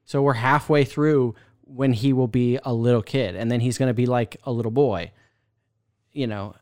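A man's voice: mid-range voice, moderate pace, a little mellow. A man in his thirties co-hosting a casual podcast chat, talking in rambling sentences with frequent restarts. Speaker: podcast co-host.

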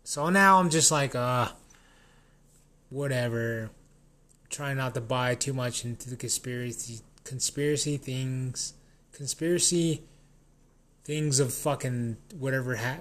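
A man from New Mexico goes on an unscripted, rambling rant, swearing constantly and restarting his sentences. His mid-range, medium-pitched voice is a bit bright, and his delivery is loose and a little slow.

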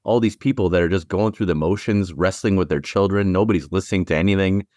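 A man with a very low voice hosts a casual interview, agreeing easily and speaking openly. His voice sits close and dry, with no room sound. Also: fast, no room sound. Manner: relaxed, agreeable, confessional. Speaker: podcast host.

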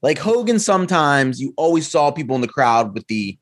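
A man's voice: fairly high pitch, very animated, fairly quick. A man co-hosting a casual podcast chat, rambling enthusiastically and laughing often. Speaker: podcast co-host.

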